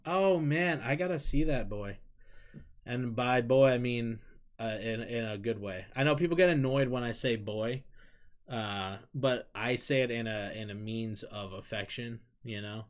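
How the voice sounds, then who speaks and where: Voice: mid-range voice, measured pace. An adult with an American accent chatting casually on a live stream, candid and rambling, swearing freely and laughing often while reading chat.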